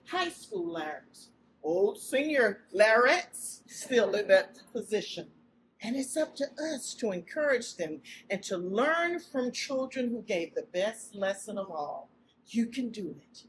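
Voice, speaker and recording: A woman whose voice sits a little high was captured from afar in low-quality audio, with a steady hum of background noise. Sharing a moving, inspirational story with her audience, she narrates expressively and lets out loud cries when performing quotes.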